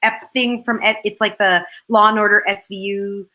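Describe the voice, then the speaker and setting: Woman guest, actress, rambling storyteller, bright voice. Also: mid-range voice, steady tone, moderate pace, rough recording. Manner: rambling behind-the-scenes storytelling. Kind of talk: casual chat.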